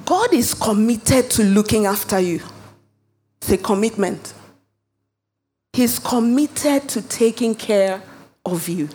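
A woman's voice: mid-range voice, lively intonation, slow pace, pauses often, mellow, faint music behind. A woman pastor delivering a sermon, preaching emphatically and building up to dramatic rises.

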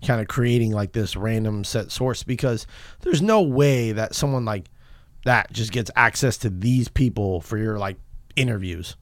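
A man's voice: on the low side, a little slow, dry recording. Guest, man in his 30s, loose laughing storyteller, dry close mic. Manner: laughs often, filler-heavy storytelling. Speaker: podcast guest. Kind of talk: casual chat.

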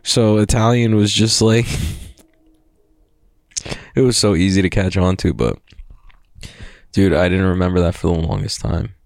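A man's voice: deep voice, measured pace, long pauses, a little mellow, dry recording, clean studio sound. A man hosting a podcast, talking in a loose, rambling, profane way and laughing often. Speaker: podcast host. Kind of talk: casual rambling monologue.

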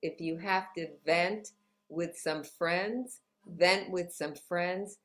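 Here the woman's voice is lowish, steady in tone, slow, and slightly bright. She's an author being interviewed conversationally in New York City, sounding motivational and cheerful with plenty of laughs.

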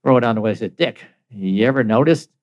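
An older American man, the show's guest, telling a story in casual chat, animated and laughing often as he acts out the voices of others. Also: mid-range voice, fast talker, highs cut off.

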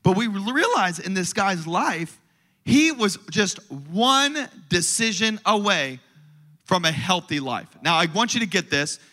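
A man preaching a sermon to his church and online viewers, swinging between loud declarations and quiet asides. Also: sits high, sing-song, unhurried. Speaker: pastor.

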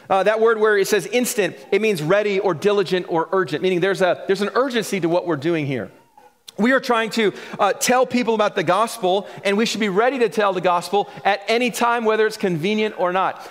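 A male pastor delivers a sermon in a high, light voice. His delivery is loose and conversational, with phrases drawn out for emphasis and a chuckle here and there. The sound carries a long reverb, as from a large church hall. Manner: conversational preaching, drawls key phrases, chuckles.

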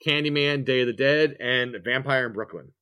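A man's voice: mid-range voice, moderate pace, clean tone. A man co-hosting a horror podcast, steadily reading out film credits and laughing along with his co-hosts. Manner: steady listing, with frequent laughs. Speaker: podcast co-host. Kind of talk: reading production credits in casual chat.

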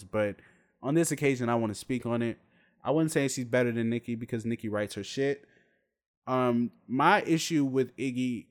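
A man in his twenties ranting bluntly and with plenty of swearing, in a casual vlog rant to camera. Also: medium pitch. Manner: blunt, profane, animated storytelling. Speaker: vlogger.

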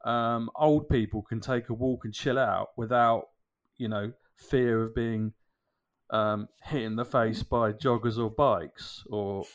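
Relaxed rambling man. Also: medium pitch, slow. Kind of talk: casual chat.

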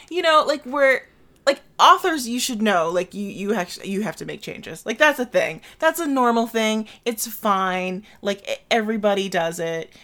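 A woman's voice: medium pitch, lively intonation, normal speed, a bit bright. A woman co-hosting a casual chat about a film adaptation, blunt and opinionated with dry sarcastic asides. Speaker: podcast co-host.

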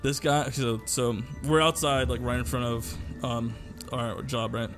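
A man's voice: mid-range voice, steady tone, unhurried, over music. A young man co-hosting a podcast, telling a long story in casual chat, rambling with lots of fillers and swearing. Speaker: podcast co-host.

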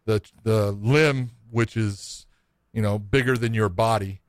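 A man's voice: on the low side, steady tone, unhurried, no room sound. Rambling middle-aged man telling a story. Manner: rambling, profane, self-mocking. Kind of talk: casual storytelling.

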